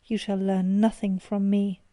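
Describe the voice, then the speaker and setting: A woman's voice: medium pitch, flat delivery, measured pace, warm tone, no room sound, clean studio sound, lightly acted. A woman voicing a proud young man who defiantly refuses to explain himself to his father. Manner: defiant, indignant.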